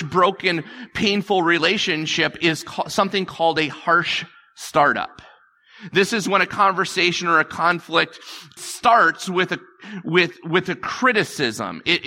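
A man's voice: fairly high pitch, gravelly, pushed and bright. A male pastor preaching a conversational sermon, repeating phrases and acting out quotes.

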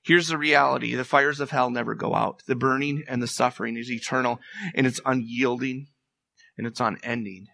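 A man's voice: mid-range voice, fairly even intonation, brisk, gravelly, pushed and bright, no echo. A man preaching a sermon as pastor, earnest and emphatic, pressing his point with rising intensity.

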